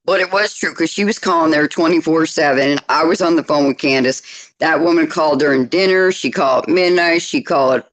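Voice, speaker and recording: Animated woman telling gossip stories. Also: deep voice, a little fast, rough recording. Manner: animated storyteller, laughs often. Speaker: panel guest. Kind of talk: casual gossip chat.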